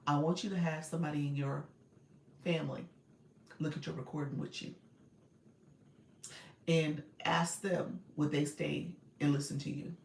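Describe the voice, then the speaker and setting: Gravelly woman coaching live from her car. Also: low-pitched, fairly even intonation, normal speed, pauses often, darkish tone, roomy sound, slight background noise. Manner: chatty, direct, laughs often. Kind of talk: casual livestream coaching. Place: inside a car.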